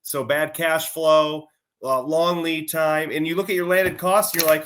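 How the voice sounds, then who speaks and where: A man's voice: on the high side, fairly even intonation, a little slow, fairly bright tone. A man co-hosting a casual talk show, explaining his argument point by point. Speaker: co-host. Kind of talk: casual conversational chat.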